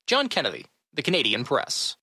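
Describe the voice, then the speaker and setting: A man reporting a news story for radio in a crisp, formal read. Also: medium pitch, huge pitch swings, brisk, bright, forceful tone, no echo, studio quality.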